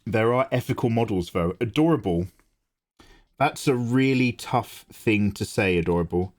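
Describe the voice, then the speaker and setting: A man's voice: on the low side, lively intonation, normal speed. A man hosting an art livestream, chatting casually, self-deprecating and reading viewer messages aloud.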